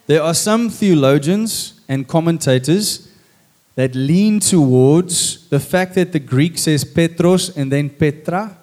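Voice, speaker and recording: Lively preacher man acting out scripture. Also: on the high side, slow pace. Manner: lively and dramatic, acting out lines. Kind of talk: sermon with acted scripture. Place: church stage with a congregation.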